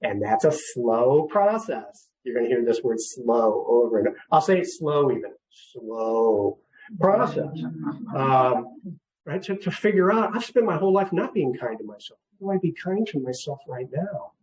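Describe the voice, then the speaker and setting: A middle-aged man counseling on grief in a seminar talk, gentle and repetitive, with frequent light chuckles. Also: a little high, very animated, fast talker, few pauses, low-quality recording. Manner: gentle, repeats words, chuckles often.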